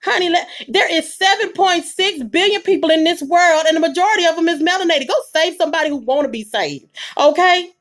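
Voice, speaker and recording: A woman giving a live commentary monologue, emphatic and preachy, with bursts of rapid speech. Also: very high-pitched, a bit bright. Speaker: online commentator.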